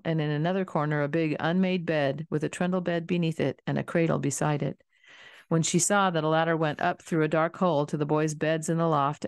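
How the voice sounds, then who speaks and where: A woman narrating a children's novel in a calm, steady storybook reading. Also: sits low, dry recording, studio quality. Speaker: audiobook reader.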